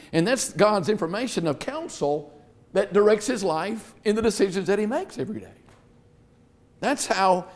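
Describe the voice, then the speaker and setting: Male preacher, high-pitched, earnest teaching delivery that reads verses aloud. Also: darkish tone. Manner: earnest, repeats words, reads scripture aloud. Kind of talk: Bible teaching sermon.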